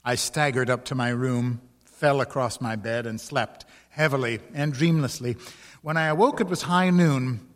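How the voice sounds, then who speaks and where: A man reading a first-person ghost story in a slow, measured, dramatic way. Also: medium pitch, long reverb tail. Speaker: story reader.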